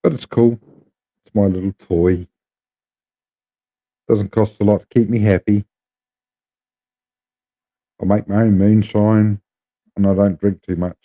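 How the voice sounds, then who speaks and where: A New Zealand man talks to his viewers in a loose, rambling way, blunt and unpolished. His voice sits a little low, with a dark, mellow tone. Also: fairly even intonation, unhurried, pauses often. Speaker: live streamer. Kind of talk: casual chat to viewers.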